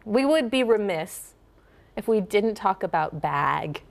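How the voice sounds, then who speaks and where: Woman, dialect coach, Minnesotan accent, gravelly fry, animated and giggly, demonstrates words slowly. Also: medium pitch. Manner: animated, laughs often, models sounds slowly. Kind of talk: casual interview, demonstrating accents.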